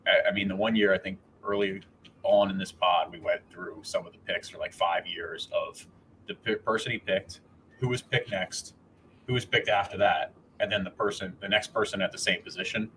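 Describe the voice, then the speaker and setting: Deep-ish guy ranting about football on a podcast, lots of restarts and swearing, faint noise behind. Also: fairly even intonation, moderate pace, a bit bright, poor audio. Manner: rambling, restarts, laughs, swears, mocks with quoted voices. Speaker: podcast co-host. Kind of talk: casual sports chat.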